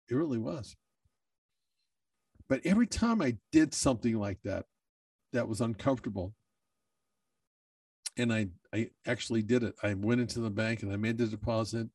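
A man's voice: medium pitch, lively intonation, normal speed, pauses often, darkish tone, husky, dry recording, far from the mic. A man who is a bodybuilder, talking in a candid personal monologue, emotional and swearing freely.

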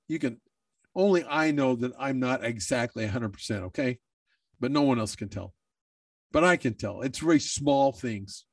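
A man's voice: mid-range voice, darkish tone, dry recording, distant mic. A man who is a bodybuilder, talking in a candid personal monologue, emotional and swearing freely.

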